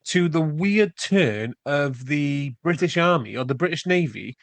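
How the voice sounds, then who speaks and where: A man with a somewhat high voice co-hosts a casual film podcast. He sounds sarcastic and incredulous and swears now and then. The recording is close and dry. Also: lively intonation, a little slow, dry recording. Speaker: podcast co-host. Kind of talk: casual film review chat.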